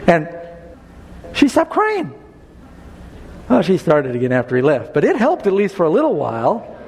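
A man preaching a sermon, telling a personal story in an animated way and building to emphatic appeals. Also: a little high, quick pace, husky, big-room sound.

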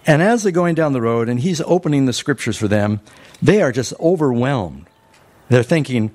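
A man preaching a sermon, telling a story with animated bursts of emphasis. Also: medium pitch, normal speed.

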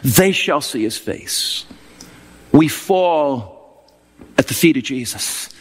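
A man's voice: mid-range voice, animated, takes it slowly, in a large hall. A man preaching a sermon, telling an imagined scene with earnest, reverent feeling. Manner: earnest, reverent storytelling with emotional swells. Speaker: pastor.

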